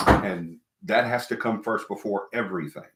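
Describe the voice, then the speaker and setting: Deep-voiced man chatting on a live stream. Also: moderate pace, background noise. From American South. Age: middle-aged or older. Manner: rambling, repeats himself, emphatic. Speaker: host of a paranormal live stream. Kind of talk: casual live-stream chat with viewers. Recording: echoey room.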